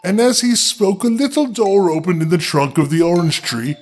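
A high-voiced man reads a fairy tale with a very lively, up-and-down delivery. He keeps stopping to make sarcastic jokes, and faint music plays behind him. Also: moderate pace. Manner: sarcastic, joking interruptions. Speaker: storyteller host. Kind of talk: fairy tale reading with comic asides.

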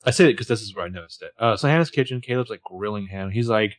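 A man with a mid-range voice co-hosts a casual podcast recapping a TV episode, talking fast and animatedly with few pauses. He narrates the scenes, adding wry, joking asides.

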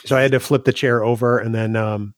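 A man's voice: medium pitch, fairly even intonation, fairly quick, no room sound, studio quality. A man co-hosting a podcast in casual banter, teasing and sarcastic with his co-host. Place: home recording studio.

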